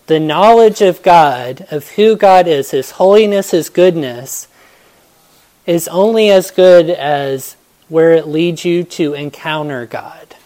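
A woman's voice: deep voice, slow pace, dark tone. A woman giving a devotional Bible talk, telling stories in an earnest, reflective way.

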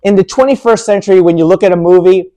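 High-voiced man preaching emphatically. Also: mellow. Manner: emphatic, rhetorical questions, slows down for stress. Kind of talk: sermon.

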